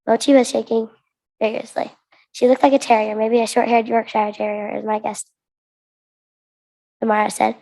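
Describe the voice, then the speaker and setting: A woman's voice: fairly high pitch, flat delivery, moderate pace, creaky, long pauses, mellow. A young American woman reading her own story aloud to a conference audience, earnest and with restarts. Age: teens. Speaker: student reader.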